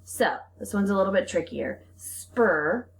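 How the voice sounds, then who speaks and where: Slow, lively woman teacher with lilt. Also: mid-range voice, vocal fry, a little hiss or hum. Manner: slow, drawn-out sounds with lively, encouraging praise. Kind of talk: phonics lesson to young children.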